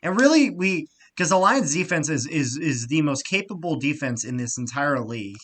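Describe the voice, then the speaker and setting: A man co-hosting a casual sports podcast, talking with lots of fillers, getting loud and excited and swearing freely. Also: on the high side, normal speed, husky. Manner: frequent fillers and restarts. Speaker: podcast co-host.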